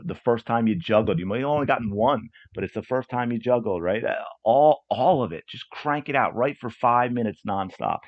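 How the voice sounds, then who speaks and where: A man with a low voice talks alone on a coaching podcast. He sounds earnest and often repeats or restarts words. The recording is dry and a little dull, with no room sound. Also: no echo. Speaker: podcast host and soccer coach. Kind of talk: solo podcast monologue.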